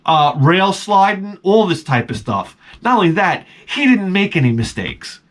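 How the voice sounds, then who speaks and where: A middle-aged man hosting a video, telling a casual, rambling story to camera with jokes and sudden excited jumps in his voice. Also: high-pitched, measured pace. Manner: rambling and jokey, voice jumping up when excited. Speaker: video host.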